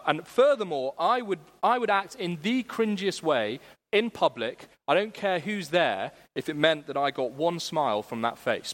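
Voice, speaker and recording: Young male preacher, fairly high voice, earnest and lively, church echo. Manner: earnest and animated, shifting from self-mocking humor to hushed gravity. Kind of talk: sermon. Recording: long church reverb.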